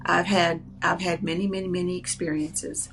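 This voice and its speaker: Low-pitched female medium, earnest and animated storyteller, faint guitar bed. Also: moderate pace. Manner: earnest, animated, acts out the people she quotes. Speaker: psychic medium. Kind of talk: personal storytelling.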